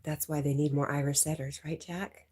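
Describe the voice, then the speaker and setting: A woman's voice: low voice, steady tone, normal speed, a little mellow, slightly rough. A woman hosting a livestream, chatting casually and teasing as she reads viewer comments aloud, laughing often. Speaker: livestream host.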